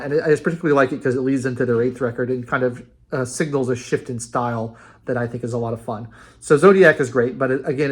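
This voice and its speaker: A man casually ranking a band's albums in a rambling, enthusiastic monologue, with many fillers and restarts. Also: mid-range voice. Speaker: music reviewer.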